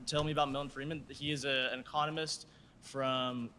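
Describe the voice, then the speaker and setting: A man's voice: medium pitch, level tone, brisk, a crowd in the background. A young man, a college student, politely but persistently questioning a debater. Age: young adult. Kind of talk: campus debate.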